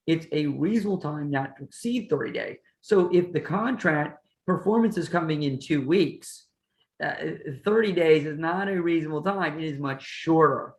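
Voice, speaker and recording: Law prof guy explaining contracts, kinda high gravelly voice, echoey room. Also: moderate pace. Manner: plain-spoken, uses playful hypotheticals. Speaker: law professor and podcast host. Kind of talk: explanatory lecture chat.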